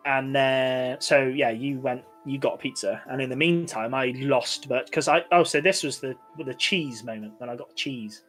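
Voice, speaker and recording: A man's voice: mid-range voice, normal speed, hardly any pauses, fairly bright tone, soft background music. A man, co-hosting a podcast and telling a rambling story full of fillers. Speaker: podcast co-host. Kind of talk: casual chat.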